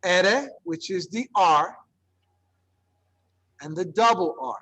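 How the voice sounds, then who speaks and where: A man's voice: high-pitched, expressive, takes it slowly, pauses often, a bit bright, a little hiss or hum, rough recording. A man teaching a Spanish class, encouraging students and drilling pronunciation through repetition. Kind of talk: classroom language lesson.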